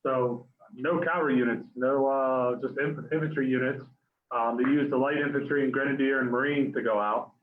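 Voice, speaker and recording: A man's voice: mid-range voice, steady tone, moderate pace, slight background noise. A man moderating a panel, reading out an audience question in a plain way with a few fillers. His voice comes through a tinny, phone-like line with a roomy echo. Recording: echoey, tinny call line.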